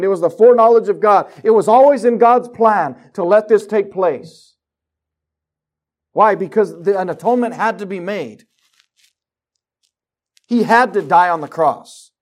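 A man with a high-pitched voice preaches a sermon with fervour. He drops to a near hush, then builds to loud, emphatic declarations. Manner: fervent, swinging from quiet to loud.

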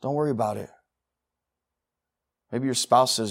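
A man preaching a sermon, moving between quiet, intimate asides and loud, emphatic passages as he reads scripture. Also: medium pitch, normal speed, gravelly.

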